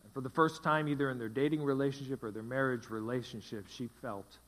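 A man's voice: mid-range voice, fairly even intonation, fairly bright tone. Emphatic male pastor in a reverberant sanctuary. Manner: emphatic, repetitive, dramatic pauses. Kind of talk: sermon.

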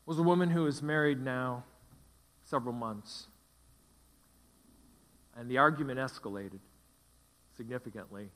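A man's voice: medium pitch, a bit bright. Emphatic male pastor in a reverberant sanctuary. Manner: emphatic, repetitive, dramatic pauses. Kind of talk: sermon.

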